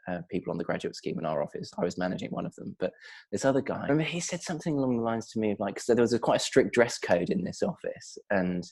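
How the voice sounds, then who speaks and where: A man's voice: sits low, creaky. An English man telling stories as a podcast guest, acting out quotes and laughing often. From England. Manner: animated storyteller, acts out quotes with laughter. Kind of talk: casual chat.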